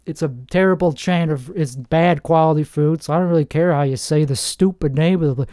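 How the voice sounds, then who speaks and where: A man in his forties from New Jersey, hosting a rambling comedic monologue with deadpan, self-mocking asides. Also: on the high side, moderate pace, few pauses, no room sound, clean studio sound. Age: 40s. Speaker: comedian host.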